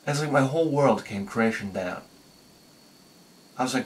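A man telling a personal story on his video channel, excitable, swinging between loud bursts and quiet asides. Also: medium pitch, moderate pace, distant mic. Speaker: video host.

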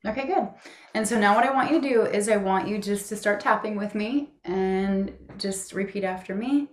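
A woman practitioner guiding a tapping session, calmly giving phrases to repeat. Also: medium pitch, moderate pace, echoey room. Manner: calm coaching, gives phrases to repeat. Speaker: EFT practitioner.

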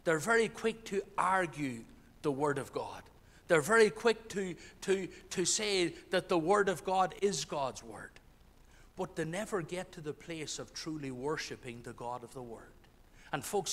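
A man's voice: high-pitched, a bit bright. Preaching man in an echoing church. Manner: earnest preaching with repeated restarts, rising and falling emphasis. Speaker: pastor. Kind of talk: sermon. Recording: church hall with long reverb.

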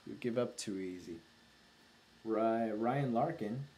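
Guy hosting his vlog off a laptop mic, slow rambly self-mocking chat, mid-pitched voice. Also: mellow. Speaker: show host. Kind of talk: casual unedited video chat. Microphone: laptop built-in mic.

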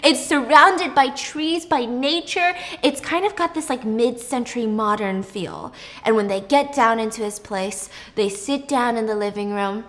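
A woman's voice: a little high, measured pace, hardly any pauses, a bit bright. A young woman podcast host telling a story in a casual, joking, slangy way while she bakes.

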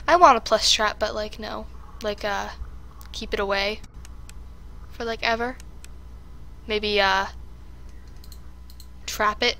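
A woman's voice: on the high side, steady tone, slow, pauses often, sharp tone. A woman giving casual let's-play commentary on a horror game, jittery and talking straight to her viewers. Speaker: gaming commentator.

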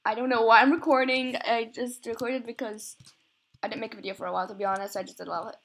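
Her voice sits on the high side, fast and a bit bright, with fairly even intonation. She's a young gamer rambling through casual gameplay chat, full of giggles and self-conscious laughs.

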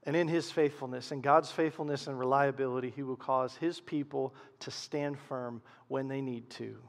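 A man preaching a sermon as pastor, swinging from loud emphasis to hushed, quiet lows. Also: fairly even intonation, normal speed, in a large hall.

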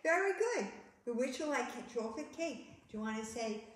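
A woman reading a picture book aloud in a children's library, coaxing a child with slow questions. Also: on the high side, expressive. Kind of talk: children's story time reading. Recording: echoey room, mic far off.

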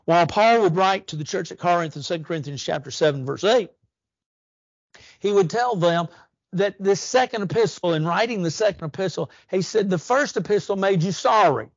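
A man's voice: high-pitched, no room sound. Earnest male preacher, slightly muffled. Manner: earnest, rising emphasis and slow drawn-out stresses. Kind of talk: sermon. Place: church.

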